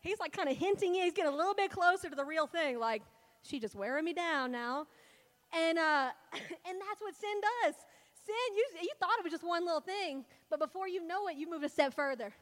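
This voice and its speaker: Chatty high-voiced woman preaching. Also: animated, fairly quick, fairly bright tone. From Louisiana. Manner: chatty, storytelling, heavy with fillers. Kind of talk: casual Bible talk. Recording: long hall reverb.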